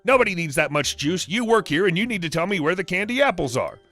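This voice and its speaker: A man's voice: high-pitched, big pitch swings, quick pace, a bit bright, heavily acted. A man reading an angry grandmother shopper. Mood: demanding. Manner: insistent, accusing questions. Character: angry older woman demanding candy apples. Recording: faint music underneath.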